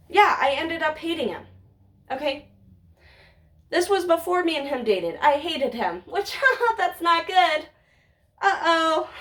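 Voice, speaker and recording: High, lively young woman rambling. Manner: gushing, rambling, heavy on "like" and "literally". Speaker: vlogger. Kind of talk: casual storytime monologue.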